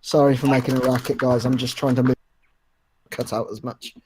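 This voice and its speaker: A man's voice: medium pitch, level tone, brisk, background noise. Man, gaming podcast co-host, casual joking chat, reads out details.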